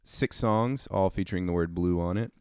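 A man with a very deep, smooth voice hosts a podcast, talking in an easygoing, rambling way full of "uh"s and "um"s. The sound is dry and close, with no room echo. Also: moderate pace, a little mellow. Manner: easygoing, rambling with many fillers. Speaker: podcast host. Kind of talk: casual podcast chat.

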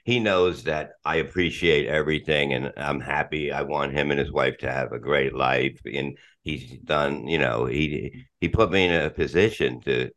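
A man's voice: extremely low pitch, moderate pace, few pauses, a bit bright. A middle-aged man chatting casually as a podcast guest, rambling and swearing, restarting sentences and laughing often.

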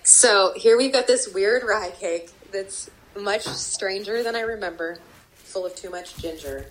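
A woman's voice: mid-range voice, a little slow, a little hiss or hum, low-quality recording. A young woman, a professional baker, chatting casually with many fillers while tasting a cake. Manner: rambling, many fillers, lively.

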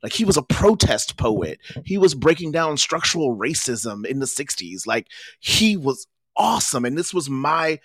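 A man co-hosting a casual podcast, an animated storyteller who talks with lots of fillers. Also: a little high, normal speed, slightly rough, no echo, clean studio sound. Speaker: podcast co-host. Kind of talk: casual chat.

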